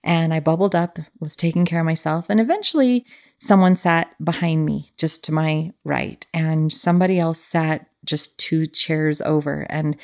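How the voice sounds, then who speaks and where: A middle-aged woman hosting a podcast, telling a personal story in a soft, earnest, reflective way. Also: low-pitched. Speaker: podcast host.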